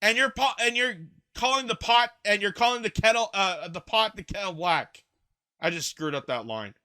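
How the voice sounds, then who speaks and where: Young male host, heated commentary rant, high voice, very bright tone. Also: normal speed, clear, resonant tone. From Canada. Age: 20s. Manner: angry, heated, ranting. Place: home basement.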